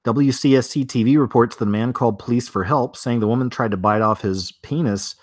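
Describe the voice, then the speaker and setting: Brisk and medium-pitched, a weird-news host reads headlines aloud and follows each with offhand, chatty riffs and asides. It's studio-quality audio with no room sound.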